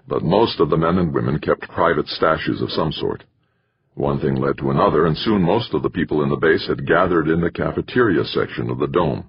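A man reading an audiobook in measured, expressive scripted narration, on a slightly muffled recording. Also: rumbling low, slightly rough, no echo.

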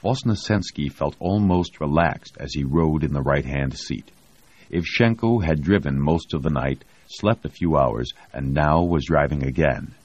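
Deep male audiobook narrator, steady delivery, lo-fi sound. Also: measured pace. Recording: dull lo-fi audio.

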